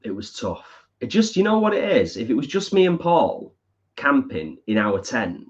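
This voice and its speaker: A man's voice: medium pitch, wildly swooping pitch, normal speed. A man co-hosting a live stream, chatting casually and reading out viewer comments. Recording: dull lo-fi stream audio.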